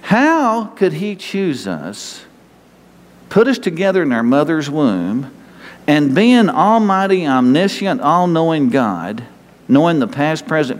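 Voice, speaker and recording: A man with a North Texas accent, a pastor giving a lively, conversational sermon full of rhetorical questions. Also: fairly high pitch, big-room sound.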